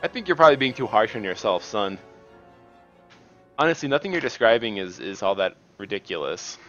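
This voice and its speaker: A man chatting casually while he plays a game, his speech halting and full of restarts, breaking into curses at the screen. His pitch swings widely. The recording is a little muffled, with faint game music underneath. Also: expressive, a bit bright. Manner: rambling, halting, many restarts; swears in bursts at the game. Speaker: gaming video host.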